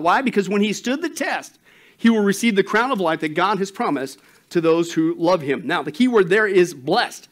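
A man preaching a sermon as pastor, animated and emphatic, telling a joke story. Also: sits high, normal speed.

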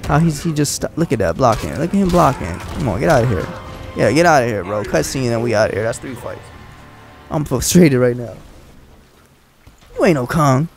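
A young man hosting a casual let's-play, chatting excitably with frustrated outbursts. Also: mid-range voice, fairly quick, vocal fry. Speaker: gaming channel host. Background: game music and sound.

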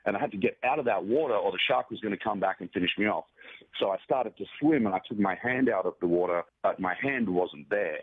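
A man calmly recounting a survival story in a measured, matter-of-fact way. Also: low-pitched, husky, dry recording. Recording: tinny phone-like dry audio.

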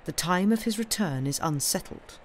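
Woman reader as storybook curate, man, pious, stern, quiet, grave. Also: lowish voice, big pitch swings, normal speed.

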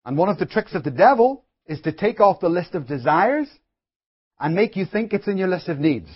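A man's voice: high voice, lively intonation, a little fast, husky. A man preaching a sermon as pastor, telling stories with chatty asides to his congregation. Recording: dull lo-fi recording.

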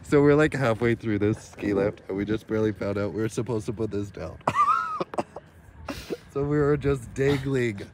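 A young man, chatting excitedly and giggling as he vlogs into a handheld phone outdoors on a ski lift at night. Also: lowish voice, moderate pace. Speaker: vlogger. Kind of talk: casual vlog. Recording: noisy outdoor phone recording.

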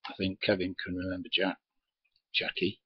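A man's voice: low-pitched, monotone, moderate pace, breathy edge, dry recording, muffled recording. An older man, bluntly telling stories from his trucking days and acting out the voices in them, with a lot of swearing. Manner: blunt, swears freely, acts out his own and others' lines. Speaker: retired lorry driver telling stories. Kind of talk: casual storytelling monologue.

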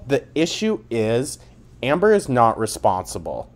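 A man's voice: medium pitch, huge pitch swings, unhurried. A man giving a sarcastic, mocking commentary, with plenty of swearing. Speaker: commentary YouTuber. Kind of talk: commentary vlog.

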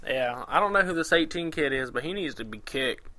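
A man's voice: on the high side, lively intonation, a little fast, a crowd in the background. A man playing an online racing game and trolling the other players, taunting and mocking them with laughter. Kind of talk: casual gaming commentary with voice chat.

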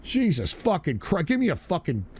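A man hosting a livestream, ranting bitterly and profanely, with wild swings between shouted outbursts and tired, low muttering. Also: wildly swooping pitch, normal speed, breathy edge. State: drinking, weary. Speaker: livestream host. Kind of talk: angry livestream rant.

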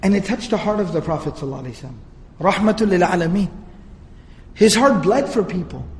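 A man's voice: high-pitched, expressive, quick pace. A man giving a religious history lecture, telling the story earnestly and reciting Arabic passages. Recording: echoey hall reverb.

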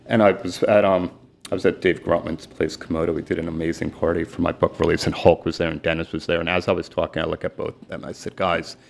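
A middle-aged man, a sports agent telling his story candidly in an interview, emphatic and retelling dialogue in rapid bursts. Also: deep voice, little pitch movement, creaky, slight background noise. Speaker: guest, sports and celebrity agent.

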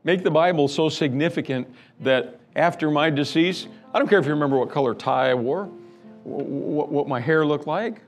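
Male pastor with a high voice, preaching emphatically in church, soft music underneath. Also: normal speed. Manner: emphatic, repeats words, builds with lists. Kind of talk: sermon. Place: church sanctuary.

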